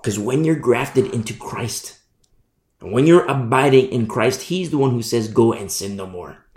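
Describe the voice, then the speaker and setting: A preacher delivering an animated Bible-study sermon, often breaking off to ask the listeners "You see?". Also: medium pitch, moderate pace. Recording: echoey room.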